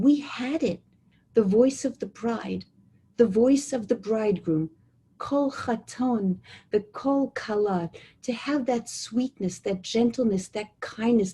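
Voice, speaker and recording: A woman's voice: medium pitch, dark tone, husky. A middle-aged woman giving an earnest, emphatic inspirational talk, repeating her key phrases for weight. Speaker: speaker.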